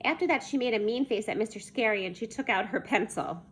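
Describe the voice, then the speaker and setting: A woman reading a children's chapter book aloud in a lively, expressive way. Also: fairly high pitch, quick pace, soft background music. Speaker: storybook reader.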